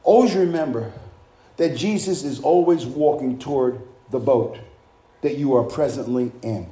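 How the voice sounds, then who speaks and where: A man's voice: medium pitch, a little slow, dark tone. A male pastor preaching a fervent sermon, with frequent hallelujahs and rhetorical questions to the congregation. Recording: roomy, echoing room.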